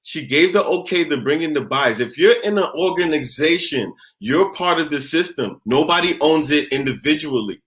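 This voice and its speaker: A man with a slightly high voice, talking in a relaxed, unscripted way as a co-host. He argues with insistence and keeps hammering the same point home. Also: moderate pace, hardly any pauses. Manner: insistent, argumentative, repeats his point. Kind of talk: casual debate.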